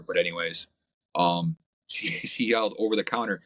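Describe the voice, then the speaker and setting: A man, a podcast guest, telling crude, blunt stories in a casual, animated way. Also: sits low, normal speed, no echo, low-quality recording. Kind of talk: profane casual storytelling.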